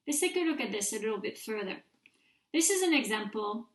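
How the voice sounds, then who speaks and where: A woman's voice: fairly high pitch, animated, a little fast. Woman teaching French verbs, echoey room. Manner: patient, clear, models pronunciation for repetition. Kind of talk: recorded mini-lecture.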